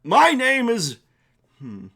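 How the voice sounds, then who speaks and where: A man's voice: very high voice, huge pitch swings, slow, sharp tone, slightly rough, voice pushed up, heavily acted. A man voicing a friendly, chatty male accordion dragon who talks in a folksy, reassuring way.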